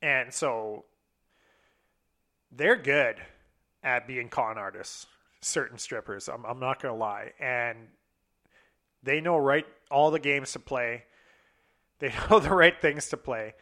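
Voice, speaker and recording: A man's voice: medium pitch, slow pace, pauses often, bright, forceful tone. A young man telling a long personal story in a casual, rambling, profane way, acting out what others said.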